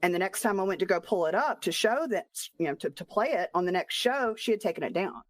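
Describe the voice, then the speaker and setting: A woman's voice: medium pitch, expressive, fast, no echo. A woman streamer in a bitter, profane rant against another streamer. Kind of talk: angry livestream rant.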